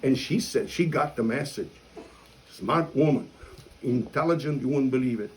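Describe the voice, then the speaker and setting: An Italian-accented priest tells a story with lively, self-mocking energy and acts out each side of the conversation. His voice sits at an ordinary middle pitch for a man. A faint hum of room ambience sits behind him. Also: moderate pace, low-quality recording. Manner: animated, self-mocking storyteller who acts out quoted dialogue. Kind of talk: storytelling talk.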